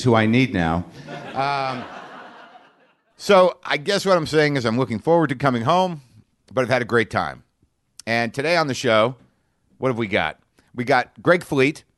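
A man's voice: medium pitch, lively intonation, moderate pace, long pauses. A man hosting a podcast, wry and self-deprecating, talking in loose, rambling bursts. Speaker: podcast host. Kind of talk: candid podcast talk.

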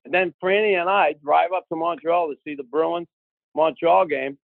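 A man telling a long casual anecdote, lively and acting out the voices of the people he quotes. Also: on the high side, normal speed, gravelly, no room sound. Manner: animated, acts out quoted voices. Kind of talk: casual storytelling. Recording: tinny phone-like audio.

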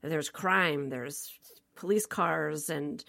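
A woman co-hosting a film podcast in casual chat, animated and laughing, with many fillers. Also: deep voice, slow, gravelly. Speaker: podcast co-host reviewing a film.

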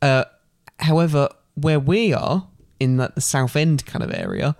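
A man's voice: a little high, huge pitch swings, a little slow, vocal fry, a little mellow, no echo, clean studio sound. A young man with an Essex estuary accent, co-hosting a podcast in a chatty, teasing way, often hesitating with ums. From England. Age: young adult. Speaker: podcast co-host. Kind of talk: casual chat.

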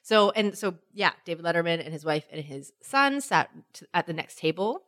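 A woman co-hosting a casual chat, telling stories in an animated way, swearing freely and acting out what people said. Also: fairly low pitch, normal speed. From Canada.

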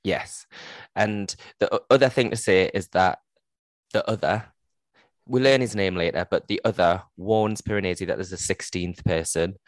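Low-voiced Geordie woman chatting books. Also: normal speed, dry recording. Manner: chatty, swears freely, laughs often. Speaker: podcast co-host. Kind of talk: casual book-club chat.

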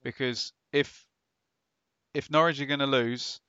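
A man in casual football podcast chat, running through lists of numbers and names at a brisk clip. His voice sits in an ordinary middle pitch. The recording is dry and a little dull. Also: steady tone, sharp tone, smooth, no room sound. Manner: reads out stats in quick lists. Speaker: podcast co-host.

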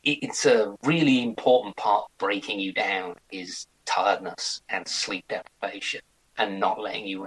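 Husky-voiced chatty man. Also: fairly low pitch, low-quality recording. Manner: chatty, animated, slips into mock accents. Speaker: actor guest. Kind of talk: casual interview chat.

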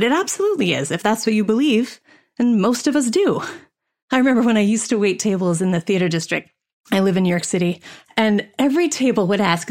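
Woman actor-coach, frank and profane, mid pitch, motivational talk. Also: expressive, fairly quick, darkish tone. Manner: candid, profane and wry.

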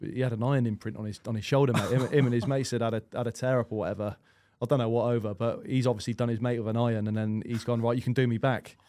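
A man's voice: medium pitch, steady tone, racing, dark tone. A man in his thirties, a podcast guest, chatting casually and rambling through swear-laced anecdotes with lots of restarts. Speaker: guest goalkeeper. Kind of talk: casual storytelling chat.

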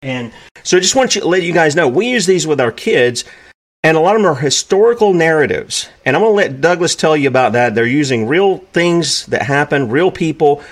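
A man's voice: fairly high pitch, animated, a little fast. A man hosting a live show, talking casually and rambling with many fillers. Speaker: host. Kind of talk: casual live-stream talk.

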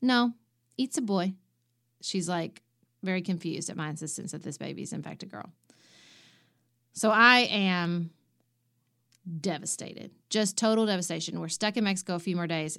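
Podcast cohost, woman, lowish voice, animated personal storytelling. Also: fairly quick. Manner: animated, acts out quoted voices. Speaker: podcast co-host.

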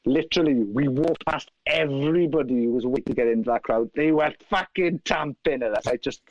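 A man from South Wales with a Welsh accent, telling animated, profane anecdotes and acting out other people's lines. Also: mid-range voice, fairly quick, few pauses, no echo. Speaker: guest musician. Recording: dry, slightly dull lo-fi sound.

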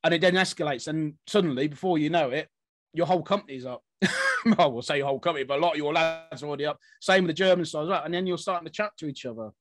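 A man's voice: fairly high pitch, big pitch swings, fast, a bit bright, no room sound. A man co-hosting a history podcast, telling stories loosely and circling back on himself with repeated phrases. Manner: loose, repetitive storytelling with many restarts. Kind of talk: casual conversation.

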